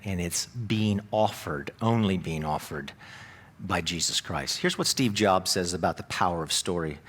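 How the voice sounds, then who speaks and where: A man pastor delivering a sermon, telling the story dramatically and moving between raised emphatic lines and hushed, low asides. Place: church.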